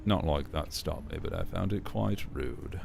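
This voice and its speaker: A man voicing a suave, sly male wanderer with a put-on English-style voice, deep vocal fry and a dry, politely menacing manner. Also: unhurried, darkish tone, a little hiss or hum, full character voice. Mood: sardonic.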